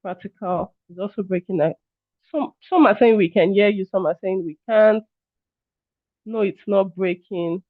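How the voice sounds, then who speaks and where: A man with a high-sitting voice leads a live online training session over a video call at normal speed, chatty and apologetic, checking on his audience and often calling them "guys." The audio is dry and tinny, like a phone-line online call.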